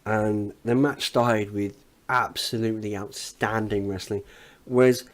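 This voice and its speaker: A man reviewing a wrestling event as an analyst, recapping the matches with excitement and frequent swearing. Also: fairly low pitch, a little slow.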